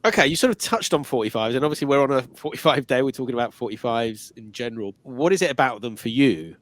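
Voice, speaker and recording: A man's voice: mid-range voice, lively intonation, fast, dry recording. A man hosting a casual talk show, asking chatty, enthusiastic questions. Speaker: show host. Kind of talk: casual interview.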